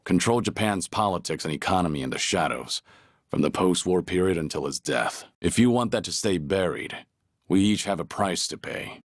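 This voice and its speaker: Kazuma Kiryu, gruff and stoic. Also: male voice, low-pitched, no echo, clean studio sound. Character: stoic gruff ex-yakuza man, middle-aged. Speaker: game character voice clips. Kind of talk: video game voice lines.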